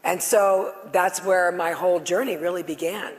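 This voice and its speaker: A middle-aged woman on stage, giving a loud, passionate, excitable testimony to a live audience. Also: fairly low pitch, moderate pace, soft background music. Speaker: guest speaker sharing her healing testimony. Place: on stage before a live audience in a large hall. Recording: long reverb of a large hall.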